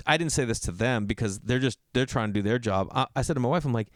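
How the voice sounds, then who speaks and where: A man's voice: fast, hardly any pauses, dry recording, studio quality. A middle-aged man hosting a podcast, telling a story in casual talk, swearing freely and acting out quoted lines. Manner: animated, swears freely, acts out quoted lines with jumps in pitch. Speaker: podcast host.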